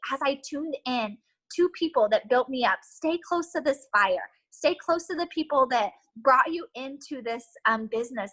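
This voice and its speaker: A woman's voice: fairly high pitch, bright, forceful tone, rough recording. A woman giving an earnest, emotional motivational pep talk to new team members over a video call, with many ums. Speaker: team leader giving a training.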